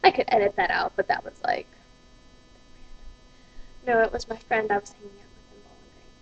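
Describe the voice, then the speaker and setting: A woman's voice: on the high side, brisk, dull audio, a little hiss or hum. A woman, ranting profanely and with exasperation in a vlog. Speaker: vlogger.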